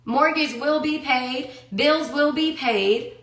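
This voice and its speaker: A woman in her thirties pours out her side of the story in a fiery, profane rant. She throws out one sharp rhetorical question after another. Her bright, slightly high voice rings around an echoey room. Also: slow. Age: 30s. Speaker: livestreamer telling her story. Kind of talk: heated personal monologue. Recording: roomy echo.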